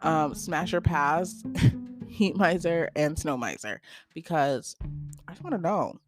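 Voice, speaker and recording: A woman's voice: low voice, expressive, slow pace, music in the background. A woman hosting a solo podcast, chatting casually and gushing, with many "like" fillers. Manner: chatty and gushing, heavy use of "like". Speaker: podcast host.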